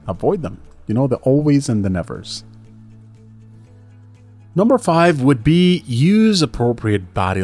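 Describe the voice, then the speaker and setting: A man talks through an English lesson in a loose, chatty way, dropping in fillers and quick acted-out example lines. His voice sits at an ordinary middle pitch. Soft music plays quietly behind him. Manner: chatty, lively, fillers like right and you know, acts out example lines. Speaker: English teacher, podcast host. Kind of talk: casual instructional talk.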